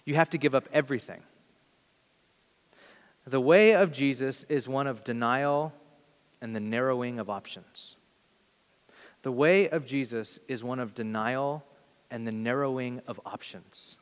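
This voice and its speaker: A man preaching a sermon as pastor, animated and acting out quoted voices, with some stammers. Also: medium pitch, a little slow, long pauses. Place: church sanctuary. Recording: long reverb of a church hall.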